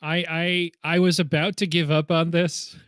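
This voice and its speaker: A man's voice: on the high side, little pitch movement, normal speed, fairly bright tone, smooth, dry recording, studio quality. A man co-hosting a movie podcast, chatting casually and hedging his guesses with self-deprecating laughs. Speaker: podcast co-host.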